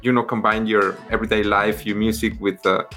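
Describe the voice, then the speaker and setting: A man's voice: fairly low pitch, little pitch movement, brisk, a bit bright, faint music behind. A man hosting a radio show, a native Spanish speaker chatting in English with many fillers and restarts. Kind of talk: casual interview chat. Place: in Germany, remote call.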